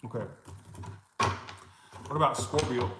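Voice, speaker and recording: A man's voice: medium pitch, a little slow, echoey room, very noisy. A man giving a casual tarot reading, chatting to viewers, reacting to comments, swearing and laughing now and then. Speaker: tarot reader.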